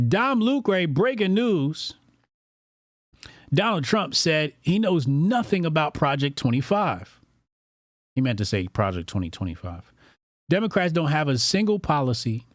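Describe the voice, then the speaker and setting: Recorded dry and at studio quality, this man's mid-range voice carries a political commentary livestream. He reads viewer donations aloud and speaks bluntly, profanely, and repetitively.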